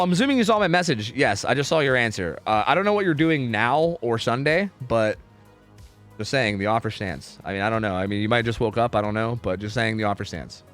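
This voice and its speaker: A young man casually casting a game match on his stream, talking through strategy with lots of "like" and "right?". His voice sits at an ordinary middle pitch. Faint music plays underneath. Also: a bit bright. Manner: chatty, many fillers, reads chat aloud. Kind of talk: casual live commentary.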